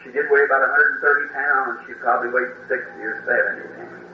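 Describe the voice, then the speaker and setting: A man's voice: medium pitch, fairly even intonation, fast, a little hiss or hum. A man preaching a sermon and telling a personal story with emotional, folksy storytelling and plain country grammar, heard on an old recording. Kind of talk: sermon testimony. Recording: roomy, distant, dull old sermon recording.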